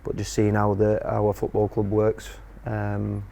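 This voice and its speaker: A man's voice: fairly low pitch, a little slow, gravelly. A man, a guest chatting casually about his work in football. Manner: relaxed, conversational, says "me" for "my". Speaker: studio guest. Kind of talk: casual interview chat.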